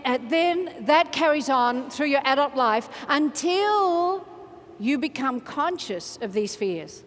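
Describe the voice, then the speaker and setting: A woman giving an energetic motivational keynote in a large conference hall, coaxing the audience to join in. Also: sits high. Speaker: motivational speaker. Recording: reverberant hall, faint ambience.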